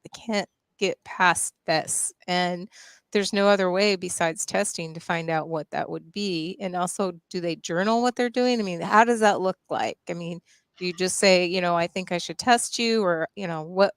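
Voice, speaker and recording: A woman co-hosting a podcast, feeling her way through a question and restarting as she goes. Her voice sits fairly low, and the sound is dry and close. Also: smooth, dry recording. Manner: halting, thinking aloud. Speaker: podcast co-host. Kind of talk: casual interview questions.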